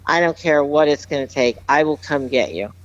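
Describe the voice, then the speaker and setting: A woman's voice: low voice, expressive, moderate pace, muffled recording. A woman guest on a podcast, earnestly telling a personal story with emphatic repeats. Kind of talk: heartfelt storytelling, casual chat.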